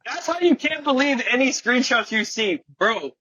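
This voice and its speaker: A man's voice: extremely high pitch, animated, normal speed, bright, forceful tone, husky, no room sound, dull audio. A young man, a skateboarding guest, telling a story in a slangy, profane way and acting out the quotes. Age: young adult. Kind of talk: animated storytelling with quoted voices. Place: podcast studio.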